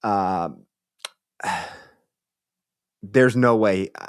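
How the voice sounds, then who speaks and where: A man's voice: on the low side, very slow, smooth, no echo, clean studio sound. A man hosting a commentary show, mocking clips in a crude, insulting, blunt way.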